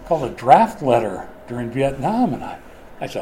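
Folksy older male preacher, mellow voice. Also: a little high, sing-song, moderate pace, slight background noise. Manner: folksy, storytelling. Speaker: pastor. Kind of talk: sermon.

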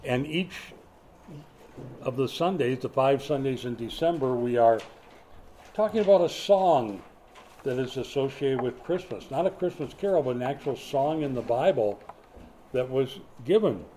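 A man's voice: mid-range voice, expressive, unhurried, dark tone, a little hiss or hum. An older man, a pastor, preaching a sermon in a folksy storytelling way, acting out quotes from everyday life.

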